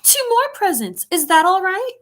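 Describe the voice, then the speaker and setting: A woman's voice: very high voice, very animated, moderate pace, pitched above the performer's own voice. A woman voicing a fussy, doting aunt with a put-on British accent, coaxing and sugary in a storybook read-aloud. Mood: placating. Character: fussy doting aunt fawning over her spoiled son.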